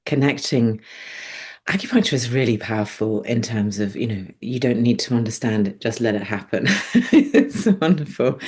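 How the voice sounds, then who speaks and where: A podcast host talks with the guest in a loose, chatty way, circling through fillers and restarts before landing on a question. The pitch sits in a middle range for the voice. It is relaxed, informal conversation.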